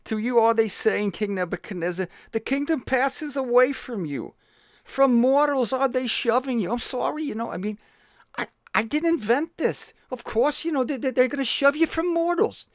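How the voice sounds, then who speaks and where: A man's voice: very high voice, expressive, normal speed, no echo, clean studio sound, pitched above the performer's own voice. A man voicing a fretful heavenly messenger who stammers, rambles and keeps apologizing. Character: nervous fretting male heavenly messenger.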